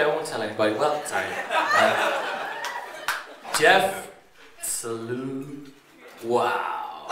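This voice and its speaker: A man in his thirties with an Irish accent, giving a rambling, joking best man's toast at a wedding reception and laughing often. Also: medium pitch. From Ireland. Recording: roomy echo, distant mic, background noise.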